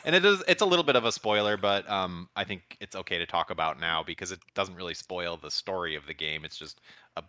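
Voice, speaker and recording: A man's voice: sits low, expressive, fast, sharp tone, no room sound. A man co-hosting a casual podcast chat, telling a story with rambling restarts and frequent laughs. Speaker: podcast co-host.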